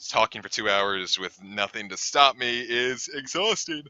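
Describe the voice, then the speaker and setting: Young guy chatting on his game stream, really bright voice, rambly with lots of likes, dull dry mic. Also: mid-range voice, animated, a little slow, no room sound. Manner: rambling, filler-heavy talk. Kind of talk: casual live-stream chat.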